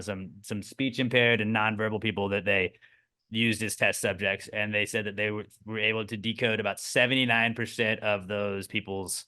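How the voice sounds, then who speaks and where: Podcast guy, bright voice, fired up and cursing. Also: fairly low pitch. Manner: animated, swears often, voices people mid-story. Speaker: podcast co-host. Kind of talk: casual chat.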